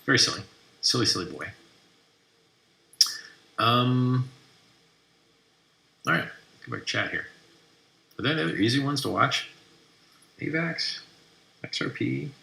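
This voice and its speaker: A man's voice: medium pitch, very animated, a little slow, vocal fry, long pauses, pushed and bright. A man hosting a live stream, brashly mocking and trash talking as he reads through posts. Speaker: livestream host. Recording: roomy echoey room.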